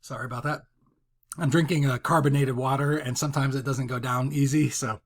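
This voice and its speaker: A man's voice: medium pitch, steady tone, brisk. A man teaching a college math lesson in a conversational way, using everyday examples and often checking in with "right?". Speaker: math instructor. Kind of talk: recorded lecture with writing tablet.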